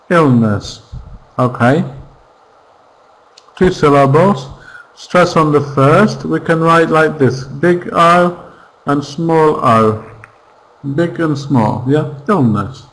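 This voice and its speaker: A man's voice: a little high, a bit bright, rough recording. A man teaching English online, patiently drilling vocabulary and word stress with his class. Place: virtual classroom.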